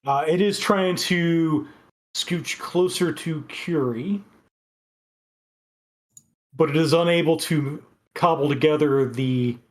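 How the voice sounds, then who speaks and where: Calm, halting game master. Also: mid-range voice. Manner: halting, many fillers, calm rulings. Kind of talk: running a tabletop game.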